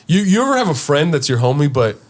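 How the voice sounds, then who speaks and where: Animated young man telling a story. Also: a little high, fast talker. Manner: animated, acts out quoted voices loudly. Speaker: podcast guest. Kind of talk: casual storytelling.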